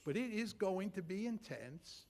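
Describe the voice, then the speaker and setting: A man's voice: high-pitched, expressive, a little slow, very noisy. A man giving a lecture to an audience, blunt and emphatic, driving points home with rhetorical questions and repetition. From United States.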